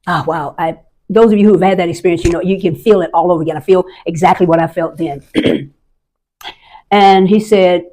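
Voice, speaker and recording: An older American woman, an Army veteran, recounts a personal experience in a lowish voice. She speaks earnestly and often stops to restart a sentence. She acts out the voices of the people she quotes. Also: a little fast, mellow. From United States. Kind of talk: personal testimony storytelling.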